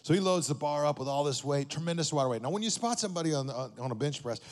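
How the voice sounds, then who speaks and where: A man's voice: fairly high pitch, lively intonation, quick pace, big-room sound. A man, a pastor, telling a story in a sermon in a conversational way, often checking in with his listeners.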